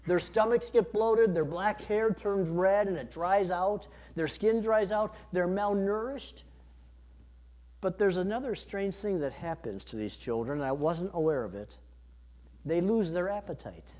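A man preaching a sermon, earnest, rising to emphatic peaks and then dropping soft. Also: high-pitched, unhurried. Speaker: pastor.

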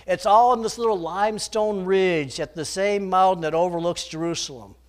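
High-voiced, dramatic male preacher. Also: normal speed. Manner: dramatic, emphatic, swings from loud to hushed. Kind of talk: sermon.

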